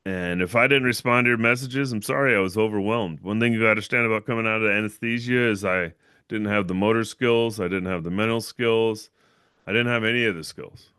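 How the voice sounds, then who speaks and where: Bright, crisp-voiced man telling a story. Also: fairly low pitch, brisk, no room sound, clean studio sound. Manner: rambling, repeats himself, fillers like "right?". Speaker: channel owner and livestream host. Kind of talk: casual livestream storytelling.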